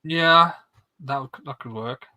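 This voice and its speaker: A man's voice: mid-range voice, unhurried, bright, forceful tone. A man hosting a casual group stream, talking in a rambling way with many fillers. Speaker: stream host.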